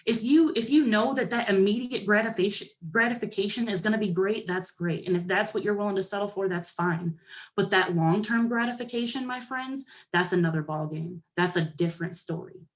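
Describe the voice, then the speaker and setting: A young woman giving a lively pep talk to her team, sassy and animated, often acting out other people's voices. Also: mid-range voice, a little fast. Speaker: motivational speaker to a sales team.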